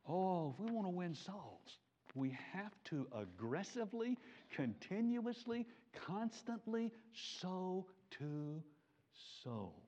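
Male preacher, sermon delivery, higher voice that swoops widely, muffled lo-fi recording. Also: takes it slowly. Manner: animated, swings from loud emphatic peaks to low quiet asides. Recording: dull lo-fi recording.

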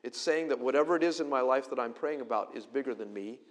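A middle-aged pastor delivers a sermon in an easy, conversational way. His voice rises into loud, emphatic lines and then falls back to quiet, close-spoken stretches. He sits at an ordinary middle pitch for a man. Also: quick pace.

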